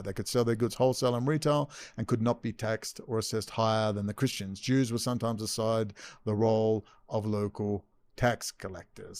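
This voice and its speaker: A man's voice: medium pitch, darkish tone, dry recording. A man hosting a commentary video, reading texts aloud with sarcastic asides. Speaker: video host.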